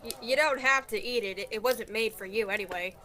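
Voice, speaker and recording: A woman's voice: on the high side, a little fast, sharp tone. A teenage girl playing a chatty, teasing young Viking woman in a school radio play. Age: teens.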